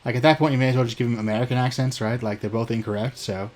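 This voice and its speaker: Fast-talking man playing a game. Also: mid-range voice, steady tone, darkish tone, a little hiss or hum. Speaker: player and co-host of a gaming video. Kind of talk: casual commentary while playing.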